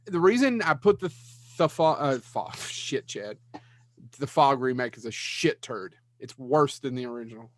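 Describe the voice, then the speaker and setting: A man's voice: mid-range voice, animated, moderate pace, dry recording. A man co-hosting a podcast, chatting casually about films, rambling, swearing and blanking on names. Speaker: podcast co-host. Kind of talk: casual movie chat.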